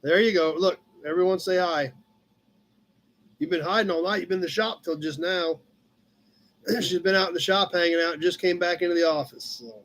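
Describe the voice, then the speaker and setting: A man with a fairly high voice hosts a relaxed live chat from his shop office. He rambles through old car magazine pages in an easygoing way and breaks off now and then to talk to his cat. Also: normal speed, pauses often. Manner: rambling, chatty, talks to his cat between comments. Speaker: livestream host.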